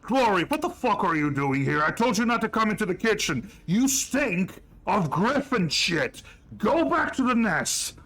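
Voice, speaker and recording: A man's voice: on the high side, lively intonation, unhurried, hardly any pauses, bright, forceful tone, smooth, faint music behind, exaggerated voice. A man voicing a grizzled, scarred old dwarf chef who bellows curses and insults at his kitchen staff. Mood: raging.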